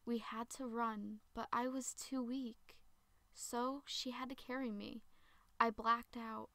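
A woman narrating a first-person horror story in a dramatic, slow storytelling way. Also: a little high, level tone, bright, forceful tone, no echo.

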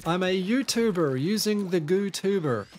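A man with a New Zealand accent commentating his own gameplay, excitable, with frequent exclamations and self-deprecating asides. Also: high voice, moderate pace, slight background noise. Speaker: gaming YouTuber. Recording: game music playing underneath.

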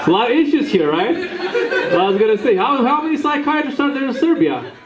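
A man from Romania doing crowd work in a comedy club, teasing the audience with quick banter. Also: very high voice, sing-song, very noisy. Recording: echoey room, dull sound, crowd laughter.

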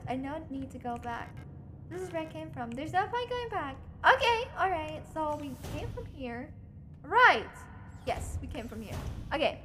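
High, lively woman streamer. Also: unhurried, slight background noise. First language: German. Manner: reads game text aloud, chatty, swears freely. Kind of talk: casual gaming livestream chat. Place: home.

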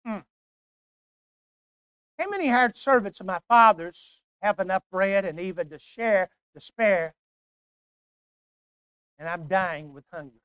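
A man's voice: high-pitched, lively intonation, unhurried, long pauses, a bit bright, clear, resonant tone, no echo, low-quality recording. A man voicing a starving young prodigal son who wistfully remembers his father's home. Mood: musing.

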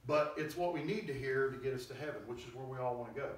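A man's voice: medium pitch, fast talker. A male preacher giving an emphatic, conversational sermon and acting out quoted voices, recorded in a church hall. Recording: very echoey hall, distant mic, faint noise.

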